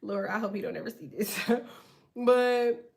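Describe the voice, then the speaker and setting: A middle-aged woman chatting casually to viewers as a card reader, telling slangy, animated stories with lots of laughter. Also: a little high, measured pace, gravelly.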